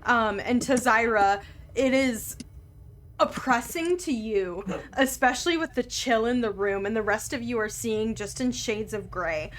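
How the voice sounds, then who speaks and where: A woman running a tabletop game as game master, narrating scenes in an unhurried, descriptive way. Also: a little high, fairly bright tone.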